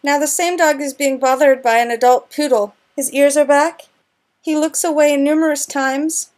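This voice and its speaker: A woman's voice: high voice, steady tone, normal speed, a little mellow. A woman dog trainer doing plain explanatory voice-over narration for a lesson.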